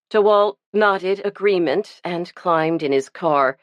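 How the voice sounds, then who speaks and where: A woman narrating a cozy mystery audiobook in a measured, even storytelling manner. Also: on the low side, no room sound.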